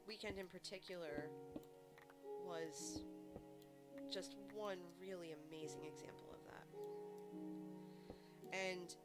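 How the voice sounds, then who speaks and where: A woman game streamer chatting casually to her viewers and telling stories in an animated way. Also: on the low side. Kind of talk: casual chat. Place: home streaming setup. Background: background music.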